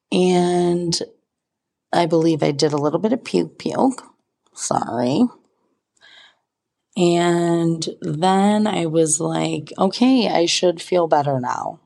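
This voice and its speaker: A young woman hosts a podcast, recounting a funny personal story full of self-mocking, dramatic asides. Her voice is very deep and a little mellow, suited to casual storytelling.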